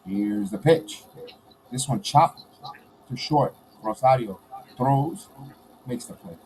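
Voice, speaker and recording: A man with a New York accent hosting a casual baseball watch-along, calling pitches in a relaxed way and chuckling between them. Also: slow, gravelly, a little hiss or hum, poor audio. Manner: laid-back, chuckling between pitch calls. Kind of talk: casual play-by-play commentary.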